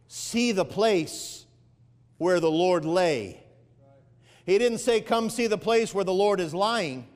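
A man's voice: fairly high pitch, long reverb tail. A man preaching an Easter sermon as pastor, stretching key phrases and building to emphatic peaks. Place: church sanctuary.

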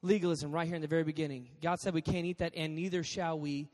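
A man preaching a sermon as a pastor, animated and joking as he tells stories. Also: a little high, fast talker. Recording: long hall reverb.

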